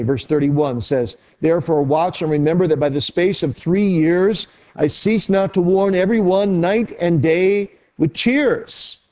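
High-pitched preaching man, earnest and dynamic. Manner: earnest preaching with wide swings in pitch and loudness. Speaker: pastor. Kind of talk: sermon.

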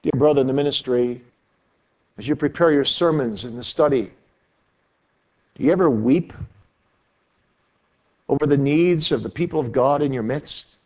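A man pastor preaching a sermon earnestly, his voice rising and dropping sharply in pitch and loudness. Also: moderate pace, long pauses.

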